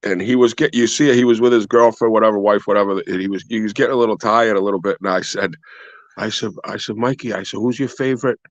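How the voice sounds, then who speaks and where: A man's voice: lowish voice, steady tone, fast, dry recording. A man in a casual stream chat, telling crude, hyped stories about boxing people. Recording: dull lo-fi stream audio.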